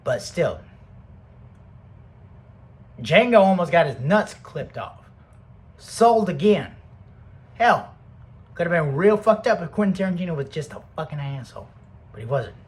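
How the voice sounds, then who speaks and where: Guy ranting to camera, swearing a lot, voice a bit high and bouncing all over, goes loud then mutters. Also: sing-song, a little slow, long pauses. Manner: profane and rambling, swinging between loud outbursts and soft mutters. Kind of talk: rambling casual monologue.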